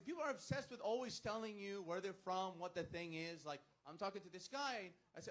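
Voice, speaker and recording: A man's voice: high-pitched, animated, brisk, few pauses, fairly bright tone. A man from Portugal doing standup with a dry, hesitant, self-deprecating delivery. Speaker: standup comedian. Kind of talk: standup storytelling. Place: comedy club stage.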